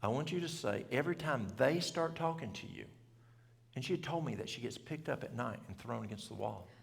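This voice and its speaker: Gravelly folksy man in a church hall. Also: mid-range voice, animated, brisk. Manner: folksy, plain-spoken country talk. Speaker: health seminar speaker. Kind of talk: storytelling talk to a church audience.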